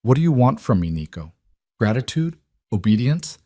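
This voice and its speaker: A man's voice: mid-range voice, big pitch swings, normal speed, warm tone, no room sound, studio quality, voice pushed up. A man voicing a proud, wary pregnant young woman who speaks bitterly and defiantly.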